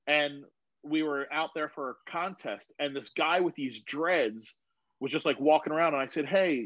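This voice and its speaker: A man chats over a video call from his phone, rambling through a story and swearing freely. His voice sits a little high and sounds dry and close. The audio is slightly dull. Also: no room sound. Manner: rambling, swears freely, animated when retelling. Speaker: guest.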